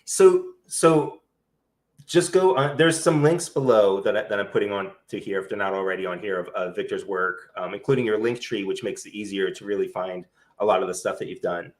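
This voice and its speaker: Host: middle-aged man, low voice, chatty and rambling, warm enthusiasm for his guest. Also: a little fast. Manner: enthusiastic, rambling with many fillers. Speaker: interview host. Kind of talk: casual interview chat.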